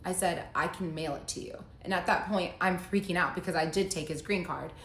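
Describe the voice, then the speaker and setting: Low-voiced woman telling a breakup story. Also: a little fast, a bit bright, a little hiss or hum. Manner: emotional, reads out text messages in her own voice. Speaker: storyteller recounting her own breakup. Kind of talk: casual storytime monologue. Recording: echoey room.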